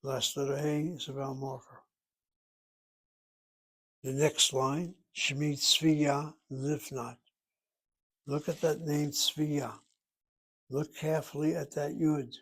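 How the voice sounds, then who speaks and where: A man's voice: fairly high pitch, flat delivery, slow, long pauses, a bit bright. A man teaching a Hebrew lesson from a textbook, thinking aloud, asking himself questions and spelling words out. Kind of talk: self-study lesson, reading from a textbook.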